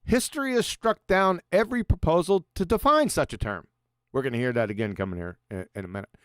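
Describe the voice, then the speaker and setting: A man's voice: on the high side, fast talker, smooth, dry recording, studio quality. A man hosting a live stream discussion, reading quotes aloud and mocking them with sarcastic asides. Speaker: host.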